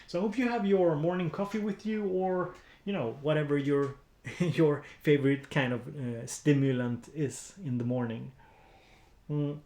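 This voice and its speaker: A man's voice: on the high side, steady tone, measured pace, warm tone, reverberant. A man with a Swedish accent chatting casually on a music-production live stream, rambling with lots of fillers and restarts while he edits samples. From Sweden.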